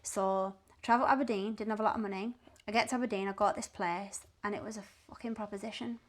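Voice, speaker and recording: A woman's voice: medium pitch, quick pace. Blunt, sweary woman. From Teesside, England. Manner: blunt and swearing, animated retelling. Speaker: podcast guest. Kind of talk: candid storytelling.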